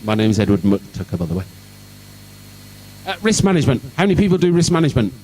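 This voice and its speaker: A man's voice: medium pitch, sing-song, fast, dark tone, distant mic, poor audio. A man from Birmingham with a Birmingham accent, giving an irreverent, sarcastic conference talk on security and swearing freely. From England, Birmingham. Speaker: conference speaker. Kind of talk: sweary comic tech talk. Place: event hall.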